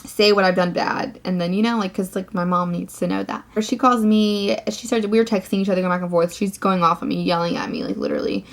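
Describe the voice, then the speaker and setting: A woman's voice: on the low side, fast, gravelly, hardly any pauses. A teenage girl vlogger telling a storytime rant, swearing often and saying "like" constantly. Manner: ranting, profane, filler-heavy.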